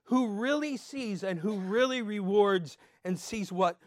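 An older man giving an earnest sermon as a pastor, swinging between emphatic and soft. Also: high voice, a little slow, dry recording, clean studio sound.

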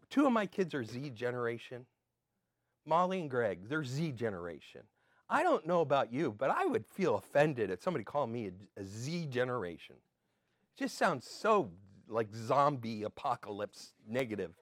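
An older man giving an earnest sermon as a pastor, swinging between emphatic and soft. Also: a little high, no echo, studio quality.

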